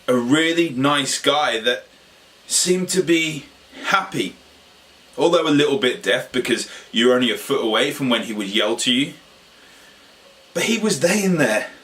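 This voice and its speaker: A man, a health coach, tells a personal story to camera in a halting way, repeating phrases and pausing for drama. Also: mid-range voice, lively intonation, a bit bright. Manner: halting, repetitive retelling with dramatic pauses. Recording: voice a little distant from the mic.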